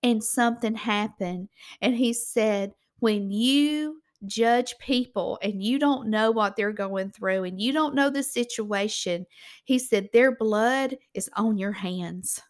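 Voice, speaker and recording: Southern woman, middle-aged, personal testimony, heartfelt, fairly high voice. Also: slow. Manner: heartfelt, animated, acts out voices. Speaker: speaker telling a personal testimony.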